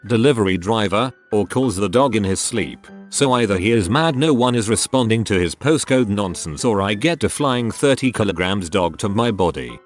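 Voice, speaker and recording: A man reading online posts aloud as scripted narration, lively and expressive with dry asides. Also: lowish voice, moderate pace, few pauses, soft background music.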